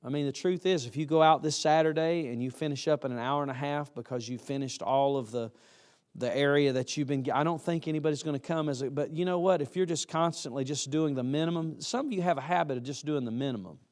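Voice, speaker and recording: Casting: man, preacher, folksy and emphatic, slightly higher voice. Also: fast, a little mellow. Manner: folksy, emphatic, acts out quoted students. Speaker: college preacher. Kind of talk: chapel sermon.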